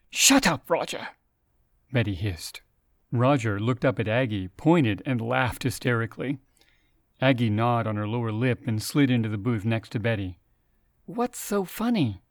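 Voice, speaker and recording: A man reads a story aloud in a steady narrating manner. His voice sits at a middle pitch, and the recording is dry and close. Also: no echo. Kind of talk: scripted narration.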